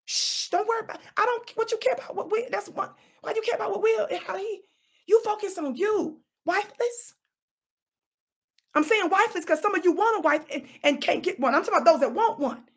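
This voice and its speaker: A woman hosting her own show, giving an animated, preachy commentary monologue, repeating words for emphasis and teasing her listeners with bursts of laughter. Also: very high-pitched, fast talker. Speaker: talk show host.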